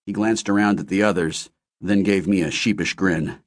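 A male narrator reading a first-person novel aloud. His voice sits on the low side and he keeps a steady, measured storytelling pace. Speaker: audiobook narrator. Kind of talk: scripted narration.

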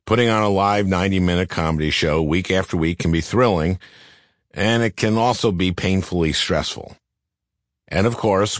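Deep-voiced older man, deadpan memoir narration. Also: no echo. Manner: dry, deadpan comic delivery. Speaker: author narrating his memoir.

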